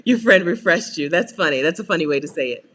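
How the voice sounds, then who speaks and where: A coach and channel host runs a casual livestream, chatting playfully with viewers, answering comments, and laughing often. Her fast, expressive voice has a fairly bright tone and swings into high-pitched, exasperated asides.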